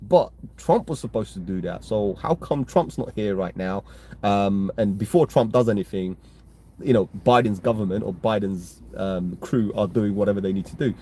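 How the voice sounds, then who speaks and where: A man's voice: on the low side, normal speed, mellow, slight background noise. A British man hosting a crypto live stream, talking casually to his chat in a rambling way, often tagging "right?" and getting heated. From United Kingdom. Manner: rambling, repeats "right?" and restarts, gets heated. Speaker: crypto livestream host.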